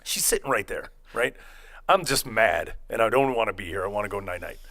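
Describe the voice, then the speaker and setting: A man's voice: on the low side, fairly quick, vocal fry. A young man casually telling a long, profane story on a podcast, acting out quotes as he rambles. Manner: rambling, profane, animated retelling with acted-out quotes.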